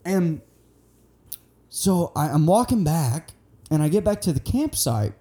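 Young man, casual storyteller, profane and rambling, mellow tone. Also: a little high, unhurried. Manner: rambling, profane, excitable, acts out quotes.

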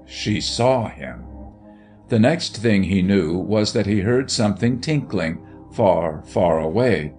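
A man narrating a story aloud in an expressive, dramatic reading. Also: on the low side, slow, soft background music.

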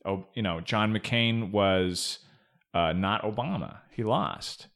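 Male co-host, low voice, blunt, profane, animated political banter. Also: slow, vocal fry. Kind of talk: casual political chat.

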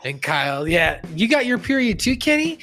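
A man's voice: sits high, moderate pace, faint music behind. A man casually recapping a cartoon episode, laughing and acting out lines from it. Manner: animated, laughing, acts out character lines. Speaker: podcast host.

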